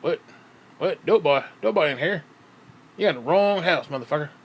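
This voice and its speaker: A man acting out an enraged guy barking curses into a telephone, loud and belligerent, in a slightly raised register. He hammers each insult hard. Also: on the high side, expressive, normal speed, rough recording. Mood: angry. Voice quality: profane, shouting. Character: furious man cursing down the phone.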